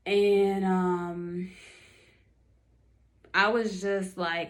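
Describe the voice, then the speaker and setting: A woman's voice: mid-range voice, fairly even intonation, unhurried. Chatty woman telling a story. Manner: chatty, many fillers, acts out quotes. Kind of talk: casual storytelling to camera.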